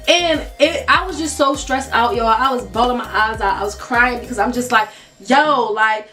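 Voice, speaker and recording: Young female vlogger, high voice, worked-up storytime delivery, slightly distant mic, soft music bed. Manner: animated and exasperated, addresses viewers as y'all. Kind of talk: casual storytime.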